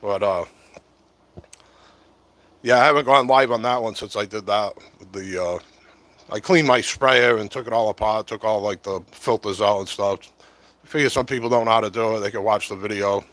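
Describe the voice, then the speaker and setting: Pausing often, a middle-aged man rambles through a casual livestream from home at normal speed, his fairly low voice a bit bright. He's chatty and full of fillers, speaking into a short-corded mic by the camera, with no echo.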